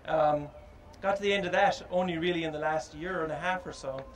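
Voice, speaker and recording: Halting, higher-voiced man. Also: fairly even intonation, rough recording. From Ireland. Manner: halting and reflective, with many pauses and fillers. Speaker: speaker at a statue unveiling. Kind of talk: informal public speech.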